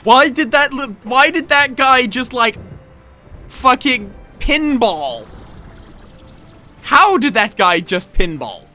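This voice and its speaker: A young man streaming a video game, chatting casually with his viewers, swearing now and then and reacting out loud. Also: very high voice, slow pace, long pauses. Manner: animated, chatty, swears, talks to chat. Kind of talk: casual gameplay commentary. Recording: faint game music behind.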